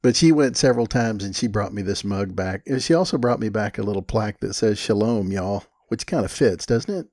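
A man's voice: fairly low pitch, a little fast, few pauses, darkish tone, no room sound, clean studio sound. An older man, hosting a podcast and telling rambling, folksy anecdotes with frequent chuckles. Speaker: podcast host. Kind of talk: casual storytelling monologue.

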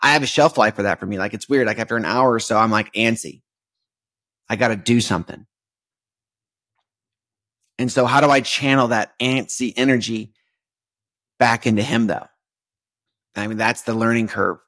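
A man's voice: mid-range voice, moderate pace, pauses often, fairly bright tone. Casual man musing on faith. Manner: conversational, many fillers and restarts. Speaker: podcast host.

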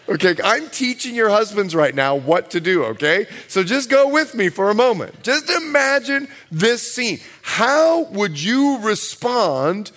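A man who is a pastor preaching a sermon at a church service, animated and playful, acting out the scenes. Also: high voice, normal speed, hardly any pauses.

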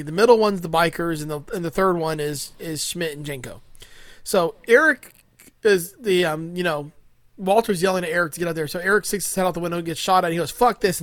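A man's voice: high voice, no echo. Crude, giggly man recapping a movie. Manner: crude, laughing, full of fillers. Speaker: podcast host recapping a film.

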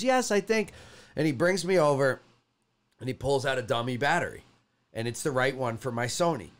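A man casually telling a long story on a podcast, acting out the other people's lines as he goes. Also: medium pitch. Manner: animated, acts out dialogue while telling a story. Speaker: podcast co-host.

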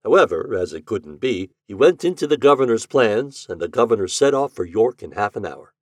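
Expressive man reading an old story. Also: lowish voice, a little fast, no echo. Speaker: podcast narrator. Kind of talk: reading classic fiction aloud.

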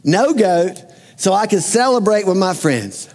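A sulking older brother, a grown young man who feels he has done everything right and got nothing for it, as a preacher acts him out. His voice sits a little high and rings with the long reverb of a large hall. He complains with wounded indignation. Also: animated, a little slow, a little mellow. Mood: aggrieved.

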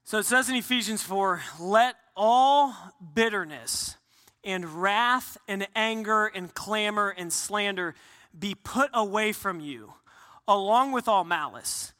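A man's voice: high-pitched, slow, pushed and bright, smooth, in a large hall. A man preaching a sermon earnestly, often restarting phrases and acting out quotes. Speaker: pastor.

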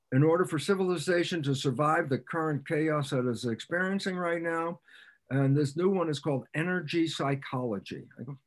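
A man speaking as a guest scientist on a podcast, an animated storyteller who repeats phrases for emphasis and acts out little exchanges. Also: fairly high pitch. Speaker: podcast guest, cell biologist. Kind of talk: explanatory interview talk.

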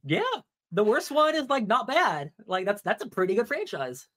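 A co-host with a mid-range voice who chats playfully on a podcast. The delivery is eager and jokey, often cutting in with quick asides. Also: medium pitch, sing-song, pushed and bright. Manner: playful and enthusiastic, jumping in with jokes. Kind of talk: casual podcast chat.

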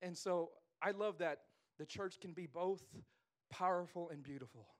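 A man in his thirties preaching a sermon as pastor, playful and animated, laughing often between stories. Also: high-pitched, moderate pace.

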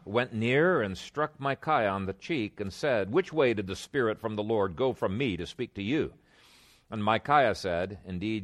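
Pastor reading scripture in a sermon. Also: male voice, mid-range voice, fairly bright tone. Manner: reads aloud, breaks off to explain.

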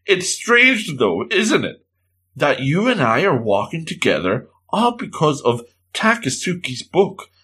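A man voicing a polite young woman on a date who talks in a sweet, high, gushing way. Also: wildly swooping pitch, a little slow, pushed and bright, breathy edge, full character voice.

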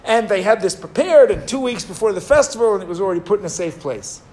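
A man teaching a Torah class, telling a story in an animated, digressive way and acting out the people in it. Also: high-pitched, quick pace. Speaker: rabbi teaching.

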